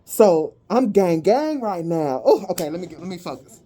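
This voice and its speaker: A woman giving a tarot and energy reading to her viewers, talking in an animated, slangy way and breaking into sudden whoops of excitement. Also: fairly low pitch, normal speed, a little hiss or hum.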